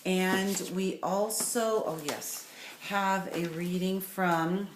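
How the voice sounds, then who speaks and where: A woman's voice: fairly low pitch, fairly even intonation, drawn-out words. A woman giving a recorded course lecture, talking in a rambling, enthusiastic way with many fillers and restarts. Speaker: course instructor. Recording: echoey room with faint noise.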